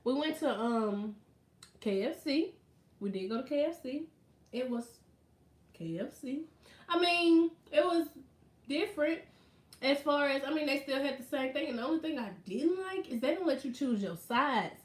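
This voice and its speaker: A woman vlogger in casual chat, telling stories in an animated, slangy way. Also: high-pitched, moderate pace. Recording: roomy echo.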